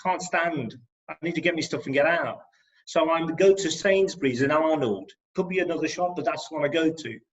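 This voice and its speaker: A man with an English Midlands accent reads his spoken-word poetry over a muffled, lo-fi video call. His voice sits a little higher than most men's, and his rhymes land with a steady, rhythmic beat. Between poems he chats with a dry, self-mocking humour. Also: fairly quick. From England. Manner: rhythmic, rhyming delivery with wry humour. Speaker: performance poet. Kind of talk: spoken-word poetry reading with comic asides. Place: home, on an online video call. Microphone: video call microphone. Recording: dull lo-fi video call audio.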